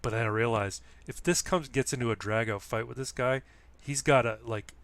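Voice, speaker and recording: A man's voice: medium pitch, normal speed, gravelly, fairly bright tone. Rambling man telling a story. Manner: rambling storyteller with many restarts. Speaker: guest. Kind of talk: casual chat.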